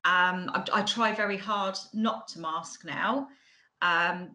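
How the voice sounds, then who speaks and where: Woman, 40s, Bracknell Mockney accent, bright and lowish voice, chatty conference speaker on a laptop mic. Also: steady tone, slow pace, low-quality recording. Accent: Bracknell, Mockney-like estuary. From England. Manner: chatty, frequent ums and restarts. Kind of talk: online conference talk.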